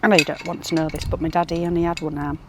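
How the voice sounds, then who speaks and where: A homely woman chats away to the phone in her hand as she walks about outdoors. Her voice sits a little low, and she talks fondly to her hens and pets. The recording is a noisy outdoor phone clip with plenty of background sound. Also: flat delivery, rapid-fire. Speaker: allotment vlogger. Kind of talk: casual vlog chat. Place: outdoors at an allotment and around home. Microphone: phone held in hand.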